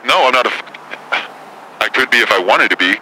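A rude, touchy female talk-show celebrity with a crisp, bright edge to the voice, as a man impersonates her, cursing and snapping at anyone who questions her. Faint noise sits behind it. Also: medium pitch, expressive, fairly quick, poor audio. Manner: crude, defensive, swearing. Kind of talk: improvised comedy impression.

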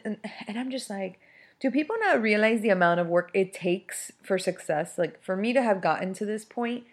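Thirties woman host, solo podcast rant, mid-pitched and heated. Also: a little fast. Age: 30s. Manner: heated, venting, frequent fillers and restarts. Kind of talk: casual solo podcast talk.

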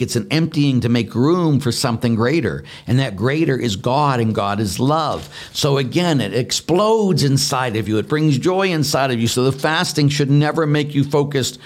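A man speaking as a Catholic priest, giving conversational spiritual teaching in an earnest, animated way, repeating words for emphasis and laughing at himself. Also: mid-range voice, normal speed, few pauses.

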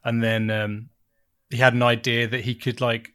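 A man's voice: medium pitch, little pitch movement, moderate pace, a bit bright, clear, resonant tone. A man hosting a casual film chat, rambling and self-mocking with frequent laughs. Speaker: podcast host reviewing films.

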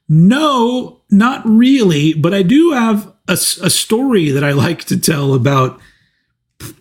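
A man's voice: a little high, darkish tone. A man in his forties hosting a casual livestream Q&A, talking in a rambling, profane way with lots of restarts. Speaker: channel host.

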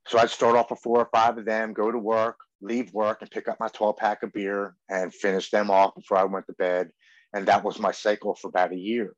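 A man in his forties with a low voice tells his personal recovery story as a podcast guest. He talks earnestly and acts out what he and others said along the way. The sound is dull and muffled, with a dry feel and no room around it. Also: flat delivery, fairly quick, no room sound.

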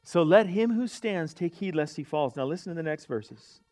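A man preaching a sermon as pastor, animated, with dramatic swings between quiet asides and loud emphatic lines. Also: fairly high pitch, moderate pace.

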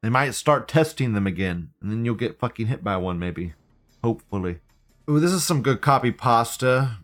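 A male livestream host reads chat messages aloud and fires back with blunt, profanity-laced rants. His voice sits at an ordinary middle pitch. Faint music plays quietly behind him. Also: animated, normal speed. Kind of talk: ranting commentary reading viewer chat.

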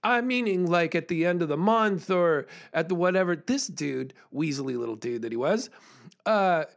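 A man's voice: on the high side, lively intonation, normal speed, vocal fry. A man hosting a podcast, telling a personal story in a casual, candid way with fillers and the odd swear. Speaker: podcast host.

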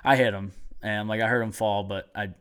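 A young man telling a hunting story in a casual chat, excited and rambling with lots of "like". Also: lowish voice, quick pace, smooth.

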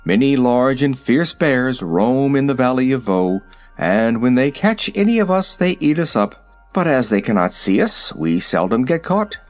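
A man voicing a stern, gruff invisible man in a storybook reading. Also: medium pitch, sing-song, normal speed, faint music behind, lightly acted.

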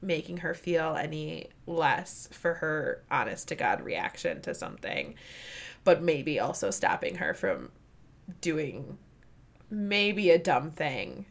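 Lively Midwestern woman rambling about books. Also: low-pitched, slow, creaky. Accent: Midwestern American. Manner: rambling, animated, swears and laughs often. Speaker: book podcast co-host. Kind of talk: casual book discussion.

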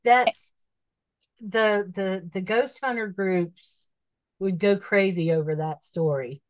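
A woman's voice: mid-range voice, slow, no echo, low-quality recording. A woman co-hosting a podcast in easygoing casual chat, laughing often and reading out listings. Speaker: podcast co-host.

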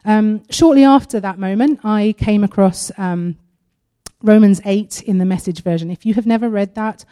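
A woman sharing a personal testimony at a church service, earnest and halting, partly reading aloud from her own writing. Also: medium pitch, dark tone. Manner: earnest and halting, with frequent pauses.

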